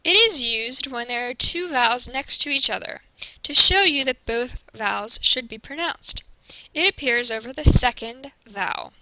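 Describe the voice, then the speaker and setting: High bright woman teaching clearly. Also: lively intonation, no echo, poor audio. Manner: slow, careful explanation with modeled pronunciations. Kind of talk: recorded classroom presentation.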